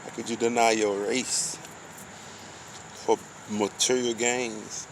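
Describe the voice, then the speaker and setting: A man's voice: on the low side, level tone, slow, background noise. Slangy man preaching on a street. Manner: preachy, fires off rhetorical questions; loose slangy delivery. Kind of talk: casual street monologue.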